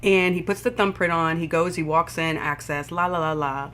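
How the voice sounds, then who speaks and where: A woman with a fairly low voice tells a TV episode's story in a loose, casual recap. She swears freely and talks in an animated way, with sound effects. Faint noise sits under her voice. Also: moderate pace. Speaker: TV and film recap vlogger.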